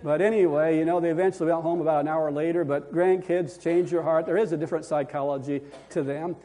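Older male preacher, high-ish voice, folksy and rambling, chuckles, lots of restarts. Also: fairly even intonation, fast talker, warm tone. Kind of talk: folksy storytelling sermon.

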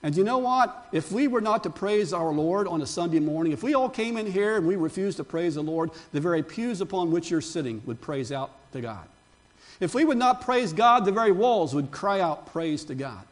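Preaching on Palm Sunday, this older pastor speaks at normal speed in a high-pitched voice, mixing animated delivery with friendly asides to the congregation.

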